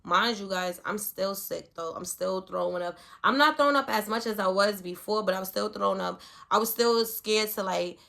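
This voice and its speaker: Middle-aged woman, casual storytime vlogger, talks in a chatty ramble with a bright voice. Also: medium pitch, moderate pace, creaky. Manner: chatty, peppers speech with "like" and "whatever". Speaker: parenting vlogger.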